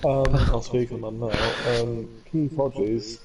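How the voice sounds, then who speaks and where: A young man co-hosting a podcast, telling stories in an animated, laughing way. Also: medium pitch, slow. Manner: animated storyteller, laughs loudly. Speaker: podcast co-host. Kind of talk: casual chat. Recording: distant mic with background noise.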